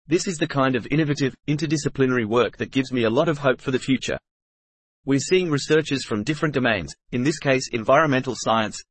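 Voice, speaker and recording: A man's voice: mid-range voice, a bit bright, no echo. A man co-hosting a scripted podcast discussion with an upbeat, polished delivery. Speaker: podcast co-host.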